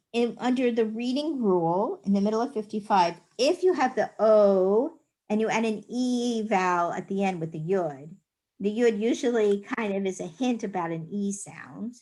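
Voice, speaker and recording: A woman's voice: medium pitch, animated, measured pace, a little mellow. A woman teaching a reading class, patiently sounding out words and explaining rules. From United States.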